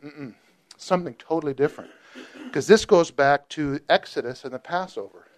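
A man teaching a Bible study group in a casual, animated way, joking and asking questions. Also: on the high side, fairly quick.

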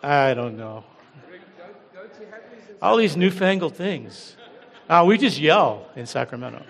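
Gravelly American preacher in a hall. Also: male voice, on the high side, big pitch swings, a bit bright, a faint crowd. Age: middle-aged. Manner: humble, halting, with many fillers. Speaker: guest pastor. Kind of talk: sermon. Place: large church hall. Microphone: handheld or headset mic. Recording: long church hall reverb.

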